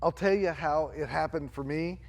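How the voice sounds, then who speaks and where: A man's voice: on the high side, normal speed. A middle-aged man preaching a sermon as a pastor, telling a personal story in a conversational, self-deprecating way. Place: church auditorium.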